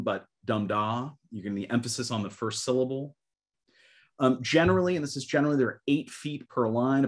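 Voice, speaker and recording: A man teaching literature in an online webinar, reading verse aloud with rhythmic swells, then explaining it with many fillers. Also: medium pitch. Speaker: literature professor. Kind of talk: webinar lecture with recitation. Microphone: webcam or desk mic on a video call.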